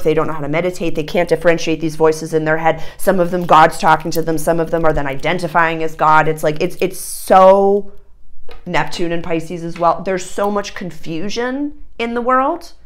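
A woman giving a casual astrology reading to camera, talking effusively in bursts full of "like", laughing often and jumping up into high excited tones.

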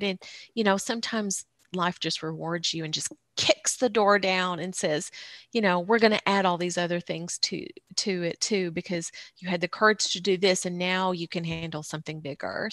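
A woman's voice: medium pitch, fairly bright tone, no echo. A middle-aged woman with a Southern American accent, an author telling her story in an interview, chatty and earnest with many restarts. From Southern United States.

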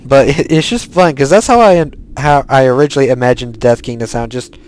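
A man's voice: mid-range voice, fairly quick, poor audio. A man giving casual, rambling let's-play commentary while he plays, often restarting his sentences. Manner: rambling, self-correcting, chatty. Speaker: gaming video host.

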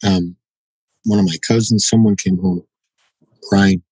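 A man being interviewed on a podcast, telling stories in a halting, reflective way. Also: low voice, fairly even intonation, warm tone, husky, no echo, poor audio. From United States. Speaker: podcast guest, jiu-jitsu black belt. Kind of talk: casual interview, storytelling.

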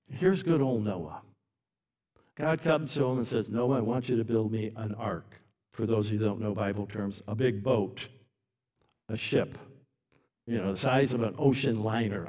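A man preaching a sermon in a church, telling the story in an animated, dramatic way and swinging from soft to loud. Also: fairly low pitch, normal speed.

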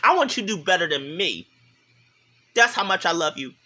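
A man's voice: high voice, big pitch swings, moderate pace, bright, forceful tone. A man speaking in an impassioned, preachy, repetitive monologue to his viewers, tearful as he talks. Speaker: vlogger. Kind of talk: emotional direct-to-camera monologue.

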